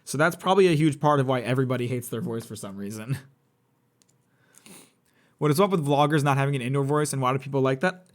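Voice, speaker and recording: His voice is medium-pitched and he talks fast, yet leaves long pauses. The young man is chatting casually on a live stream as he builds a model kit, rambling bluntly and profanely with sardonic humor.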